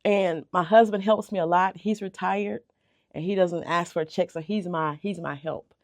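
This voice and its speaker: A woman's voice: on the low side, fairly even intonation, moderate pace. A middle-aged woman speaks as a guest in a radio studio, telling her story earnestly and from the heart. Her voice is close and dry, with no room echo, and she sometimes repeats words as she gathers herself. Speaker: bakery owner, interview guest. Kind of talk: emotional storytelling in a radio interview. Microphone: radio studio microphone.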